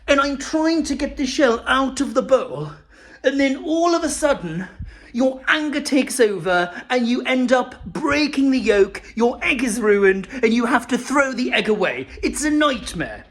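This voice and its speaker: A man doing an impression of an excitable, fussy male stand-up comedian who gets breathless and shrill as he rants. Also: a little slow, heavily acted. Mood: exasperated. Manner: breathless, exaggerated, rising to shrill peaks.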